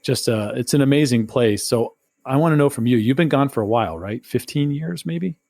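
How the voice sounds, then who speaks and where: A man's voice: mid-range voice, fairly quick, gravelly, darkish tone, dry recording. Eager middle-aged male host, dry sound. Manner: enthusiastic, friendly questions. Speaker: podcast host. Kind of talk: casual interview chat.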